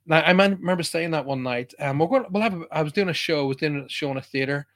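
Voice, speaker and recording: A man's voice: fairly high pitch, fast talker, a bit bright. An Irish man hosting a live online show, chatting casually and greeting viewers by name. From Ireland. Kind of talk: casual live-stream chat.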